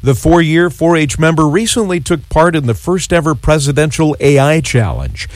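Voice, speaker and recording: A man hosting a short radio farm news report in a steady newsreader tone. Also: a little high, moderate pace, no room sound.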